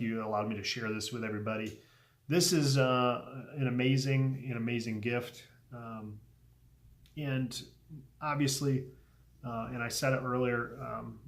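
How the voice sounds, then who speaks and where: A man hosting a casual unboxing vlog, speaking earnestly and heartfelt, a little emotional, often trailing off softly with ums between thoughts. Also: fairly low pitch. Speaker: pipe tobacco video host.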